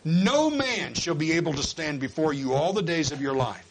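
A man preaching a sermon, swinging from quiet low asides to loud high exhortation and acting out quoted voices. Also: lively intonation, moderate pace, gravelly, a little hiss or hum, low-quality recording. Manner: acts out quoted voices of listeners and God.

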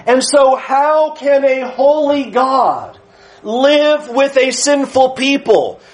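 A man's voice: very high voice, expressive, slow, low-quality recording. A man preaching a Bible lesson in an earnest, emphatic way, acting out the voices he quotes. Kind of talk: sermon lesson.

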